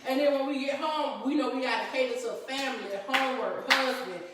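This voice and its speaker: Brief: high-pitched woman co-host, lively, laughing, heard from a distance in an echoey space. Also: fairly quick, a little hiss or hum. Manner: animated, laughs often, acts out friends' voices. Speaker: co-host of live talk stream. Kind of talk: casual chat to a live audience.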